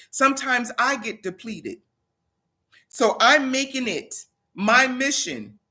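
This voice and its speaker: Emphatic woman preaching motivation, bright voice. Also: a little high. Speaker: motivational livestream host. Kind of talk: motivational livestream talk. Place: home in South Carolina.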